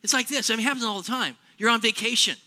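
A man preaching a sermon in a church, animated, acting out little everyday scenes in other voices. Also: very high-pitched, very fast. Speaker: pastor.

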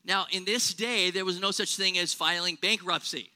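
A man's voice: sits high, fairly even intonation, moderate pace, sharp tone. A man preaching a sermon in a conversational way, asking rhetorical questions and exaggerating for humor. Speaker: pastor.

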